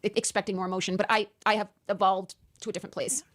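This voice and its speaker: A woman answering interview questions in an emphatic, animated way, often stammering and restarting. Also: medium pitch, racing. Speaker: interview guest.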